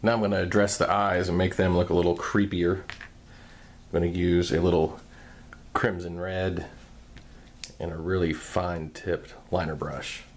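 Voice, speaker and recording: A man with a very deep, low voice talks through a craft tutorial one step at a time. He is calm and soft-spoken throughout. Faint room noise hums behind him. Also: a little slow, pauses often. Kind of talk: voice-over craft tutorial narration.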